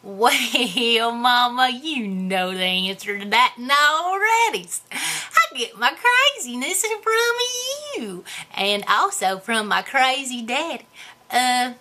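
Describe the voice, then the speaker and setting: Lady putting on a slow drawling gal, goofy and bragging, bright high voice. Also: very animated, full character voice. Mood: playful. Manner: rambling, self-mocking, folksy grammar. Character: goofy, boastful rural hillbilly woman. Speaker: vlogger answering viewer questions. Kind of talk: comedic character vlog.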